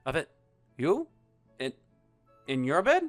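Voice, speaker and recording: A man voicing a shy, flustered young Frenchman with a French accent who speaks halting, broken English. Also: on the high side, huge pitch swings, faint music behind, pitched above the performer's own voice, exaggerated voice.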